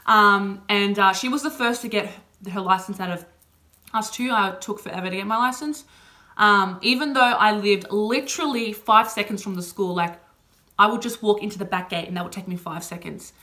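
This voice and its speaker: A woman's voice: medium pitch, normal speed, bright, forceful tone. Chatty young woman vlogger. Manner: chatty, heavy on "like" and "you know" fillers; open and emotional. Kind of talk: casual personal Q&A.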